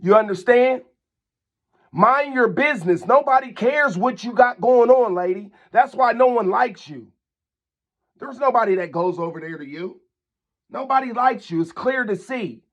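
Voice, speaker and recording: A man's voice: very high voice, lively intonation, moderate pace, lo-fi sound. A man, hosting his own vlog and delivering a heated, repetitive, scolding rant at a neighbor. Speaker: channel host.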